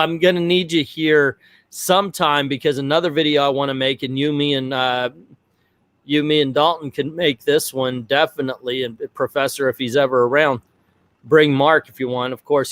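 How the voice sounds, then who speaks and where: A middle-aged man hosting a casual vlog, telling a personal story in a rambling, animated way. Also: medium pitch, dry recording. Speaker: vlog host.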